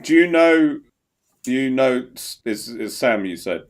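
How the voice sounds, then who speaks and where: Male podcast host, casual chat, slow unhurried talk, mid pitch, hesitant and wry. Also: expressive. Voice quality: hesitant, vague, full of ums and restarts, wry.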